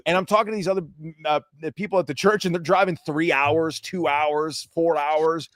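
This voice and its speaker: A man's voice: on the high side, fairly even intonation, moderate pace, crowd noise. A man in his thirties talking casually on a podcast, earnest and enthusiastic, calling his friend dude. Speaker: podcast co-host.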